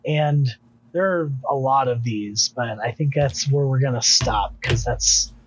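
A man's voice: mid-range voice, a little slow, dull audio, noisy background. A man co-hosting a podcast, chatting casually about music in a rambling, jokey way with many restarts. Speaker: podcast co-host.

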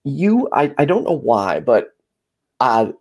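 A man's voice: mid-range voice, big pitch swings, slow, a little mellow. A man hosting a podcast, telling a long story in a rambling, candid way. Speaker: podcast host. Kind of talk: casual chat.

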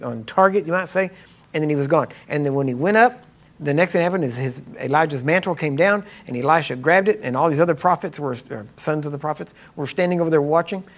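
A man preaching a sermon, retelling a Bible story in plain talk and acting out the quotes with a mocking edge. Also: on the high side. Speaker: preacher and ministry teacher.

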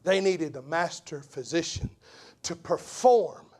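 A man preaching an impassioned sermon as an evangelist, repeating phrases for emphasis and swinging from hushed tones to shouts. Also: fairly high pitch, slow pace.

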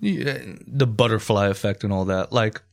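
A man with a fairly low voice reads out a historical account in a relaxed, conversational way. He keeps stopping for crude, offhand jokes with his co-host. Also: moderate pace, vocal fry. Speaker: podcast co-host narrating history. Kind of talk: casual history storytelling with banter.

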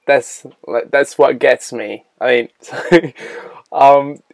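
A man's voice: medium pitch, fairly even intonation, very slow, creaky, dry recording. A man hosting a podcast, chatting casually and teasing his guest playfully. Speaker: podcast host.

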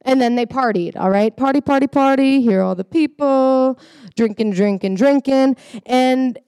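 A woman tells a Bible story to a group of kids in a loose, chatty teaching style, constantly checking that they are following along. Her voice sits a little high. The sound is dry and close, with no room echo. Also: moderate pace, smooth. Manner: lively, casual, checks in with listeners often. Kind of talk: animated storytelling lesson for kids.

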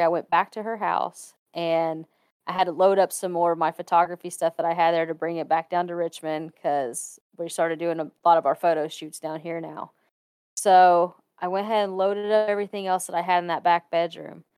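A woman's voice: on the low side, a little mellow, clear, resonant tone, no echo, studio quality. A woman casually telling a personal ghost story, chatty and laughing often between sentences.

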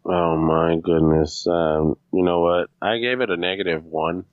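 A man co-hosting a casual podcast, talking in a halting way with many restarts and occasional swearing. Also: sits low, fairly even intonation, dry recording, narrow, tinny audio. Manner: halting, restarts often, swears when flustered. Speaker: podcast co-host. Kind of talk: casual chat.

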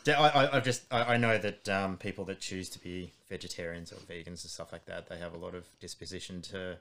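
Very deep-voiced woman host. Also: steady tone, a bit bright. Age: late 30s. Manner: supportive, asks halting questions. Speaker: interview host. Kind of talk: casual interview.

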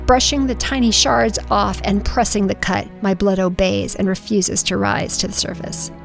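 Brief: middle-aged woman, memoir narration, earnest and emotional, gravelly edge, faint music under. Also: medium pitch, little pitch movement, normal speed. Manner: emotional, earnest storytelling with spoken sound effects. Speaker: podcast host reading her own story.

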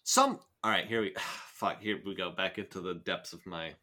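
A man's voice: sits low, moderate pace, sharp tone. A man hosting a casual podcast, rambling and joking, with frequent swearing and restarts as he picks apart a novel. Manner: rambling, jokey, swears often, many restarts. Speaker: podcast host reading and analyzing a novel.

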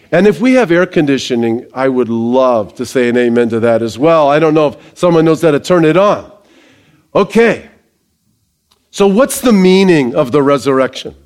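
Energetic pastor with a fairly high male voice, preaching in a chatty style with quick jokes to the room. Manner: energetic, conversational, joking asides. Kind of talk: sermon.

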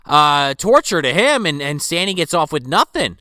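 A man with a bright, clear voice co-hosts a casual podcast. He swings his pitch widely as he acts out scenes, swears freely and fills his sentences with "uh". The sound is dry and close. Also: moderate pace, no echo. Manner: animated, profane retelling of scenes, frequent fillers. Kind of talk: casual chat about an old film.

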